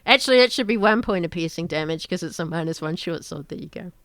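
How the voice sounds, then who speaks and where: A woman narrating as game master of an online tabletop game, laughing often between quick rulings. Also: lowish voice, lively intonation, fairly bright tone, no room sound.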